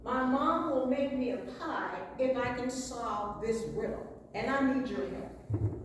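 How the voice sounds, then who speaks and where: A woman's voice: high-pitched, unhurried, slight background noise. Woman doing an earnest little farm boy. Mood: pleading. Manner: earnest, pleading. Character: bored young farm boy on a quest. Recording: echoey hall, voice from far off.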